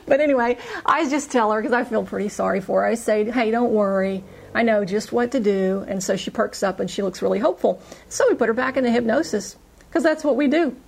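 Animated woman telling a client story. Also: fairly quick, vocal fry. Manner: animated, acts out client's quotes in higher voice. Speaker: hypnotherapist. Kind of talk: casual storytelling on a podcast.

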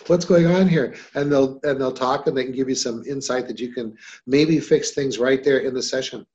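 A man's voice: medium pitch, normal speed, darkish tone, lo-fi sound. A man hosting a hypnosis training talk, affirming and conversational in a casual teaching manner.

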